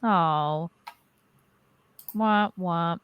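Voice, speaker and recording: A woman's voice: fairly low pitch, extremely slow, a bit bright, clean tone, no echo. A woman hosting a podcast, chatting casually and reading viewer comments aloud with wry asides. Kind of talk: casual chat.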